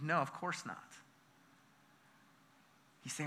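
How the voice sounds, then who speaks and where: A pastor from the United States preaches slowly, with long pauses, in a high, bright voice. His sermon is energetic, full of call-and-response questions to the congregation, with repeated words and restarted phrases.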